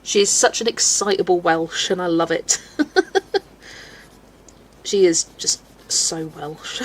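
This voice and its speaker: A woman with a lowish voice hosts a colouring livestream, taking it slowly as she chats casually with viewers, reads their live comments and laughs often. Faint background noise sits under her voice.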